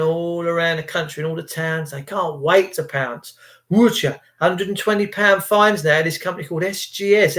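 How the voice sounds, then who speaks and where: A man's voice: sits high, a bit bright. A middle-aged man, telling stories in a casual rant and putting on voices for the people he quotes. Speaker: vlogger.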